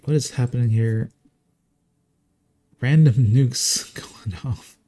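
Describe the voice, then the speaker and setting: A man's voice: medium pitch, takes it slowly, warm tone. A man casting a strategy game live in a casual, jokey, chatty way. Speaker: game caster.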